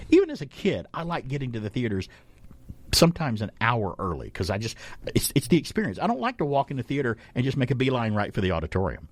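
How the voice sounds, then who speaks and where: A man's voice: medium pitch, big pitch swings, fast, dry recording. A middle-aged man from Alabama hosting a casual talk radio show, telling stories and acting out quoted voices.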